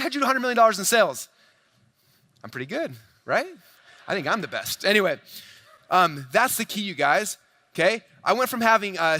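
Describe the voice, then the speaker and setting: A man giving a high-energy sales presentation to a large live audience, addressing the crowd directly in a playful, energetic way. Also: no echo. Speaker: speaker at a sales event. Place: large event hall, speaking to a crowd.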